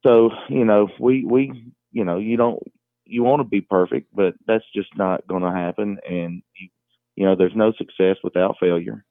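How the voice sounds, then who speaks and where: Deep-voiced coach on a tinny phone line. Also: male voice, no echo. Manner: halting, many fillers and restarts. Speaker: high school basketball coach. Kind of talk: phone interview.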